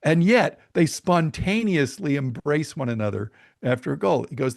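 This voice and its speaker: A man's voice: on the high side, moderate pace, creaky, dry recording, clean studio sound. A middle-aged man, a marketing expert, telling anecdotes as a guest in a casual interview. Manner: relaxed anecdotal storyteller.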